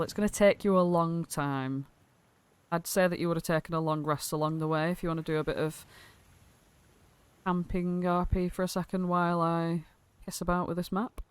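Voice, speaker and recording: Casual woman game master, smooth voice. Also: low voice, dry recording. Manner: casual, hesitant fillers while handling maps. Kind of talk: narrating a tabletop game.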